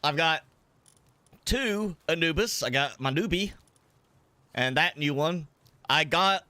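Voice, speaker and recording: Give me a male game streamer talking casually while eating, with a bright, slightly high voice. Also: expressive, measured pace, pauses often, dry recording. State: coughing, sinuses clearing from spicy food. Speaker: gaming streamer. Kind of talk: casual live-stream chat.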